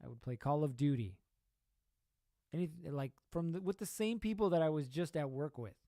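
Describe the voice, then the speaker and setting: A man's voice: on the high side, expressive, moderate pace, dark tone, dry recording. Emphatic man giving a motivational talk. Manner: emphatic, asks rhetorical questions and repeats points. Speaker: podcast host.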